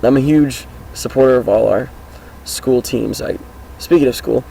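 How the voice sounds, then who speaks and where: Hoarse teenage boy, gravelly voice. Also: medium pitch, normal speed, dark tone, a little hiss or hum, poor audio. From Washington State, US. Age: teens. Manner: rambling, upbeat, many fillers. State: hoarse, groggy voice. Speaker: high school student vlogger. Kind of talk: casual self-introduction vlog. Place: outdoors, sitting on his car.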